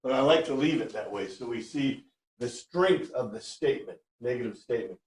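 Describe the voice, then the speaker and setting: In an echoey room, a man with a mid-range voice teaches a Bible class at a moderate pace. His informal lecture is chatty, and he keeps checking in with listeners by asking "right?"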